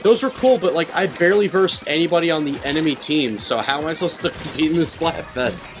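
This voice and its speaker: A man's voice: a little high, fast, soft background music. A man co-hosting a let's play, chatting casually and rambling through stories while he plays. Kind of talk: casual gaming commentary.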